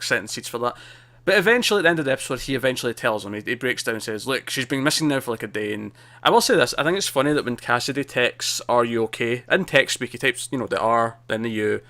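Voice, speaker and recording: This podcast co-host is a man on a casual TV review show who wanders through his points, interrupting himself and repeating words. His mid-range voice sounds bright and pushed, and he moves fast.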